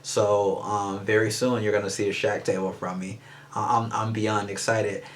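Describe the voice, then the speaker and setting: A man's voice: lowish voice, level tone, moderate pace, slight background noise. A man who is a memorabilia artist and show host, telling stories in an eager, rambling way full of restarts. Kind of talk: casual interview storytelling.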